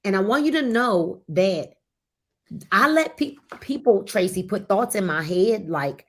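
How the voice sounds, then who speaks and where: A woman's voice: mid-range voice, animated, a little slow. A woman hosting a live book club show, talking casually and slipping into an encouraging, preacher-like cadence. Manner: warm encouraging preacher cadence, sings briefly. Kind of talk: casual faith-filled talk, preaching at times.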